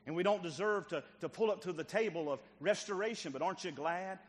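A man pastor preaching a sermon in a church, acting out the voices of biblical figures and swinging between loud calls and quiet, tender passages. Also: high voice, fast, big-room sound. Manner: dramatic preaching, acts out biblical dialogue, swings loud to soft. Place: church sanctuary.

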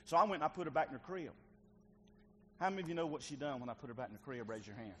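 A middle-aged male pastor preaching a sermon, swinging between loud and hushed delivery. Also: on the high side, rapid-fire, slight background noise. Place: church sanctuary.

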